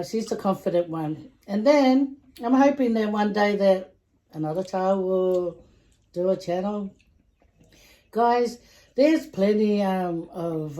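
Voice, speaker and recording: Brief: woman vlog host, casual mealtime chat, mellow tone, giggly asides. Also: medium pitch, low-quality recording. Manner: chatty and giggly, trails off into soft asides. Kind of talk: casual chat while eating.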